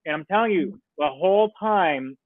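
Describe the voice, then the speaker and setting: Podcast guest, male, high-pitched, lively storyteller; tinny phone-like line. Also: moderate pace, dry recording. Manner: animated, laughs often, acts out quotes. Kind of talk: casual anecdote telling.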